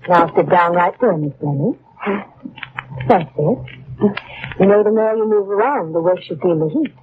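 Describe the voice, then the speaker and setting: A woman's voice: fairly low pitch, animated, moderate pace, close to an everyday voice. An actress playing a falsely kind, sinister female nurse in a 1940s radio drama, sweetly reassuring with menace underneath. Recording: muffled old radio broadcast with faint hiss.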